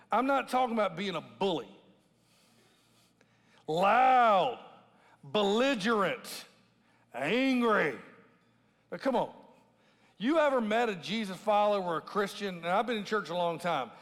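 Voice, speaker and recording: A man, a lead pastor, preaching a sermon in a conversational way, often asking "right?" and acting out scripture in a raised voice. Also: high-pitched. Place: large church auditorium with a congregation. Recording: long hall reverb from a large room.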